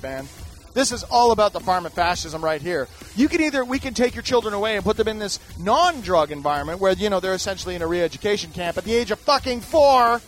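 Reading news stories and plugging products, a middle-aged man rants with anger and emphatic profanity as host of a daily show. He has a high voice and a fairly bright tone.

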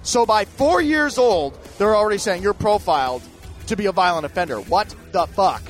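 A man's voice: high voice, animated, moderate pace, soft background music. A middle-aged man hosting a daily news show, ranting angrily and swearing emphatically as he reads stories and plugs products. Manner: angry, profane, emphatic. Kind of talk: profane ranting news commentary.

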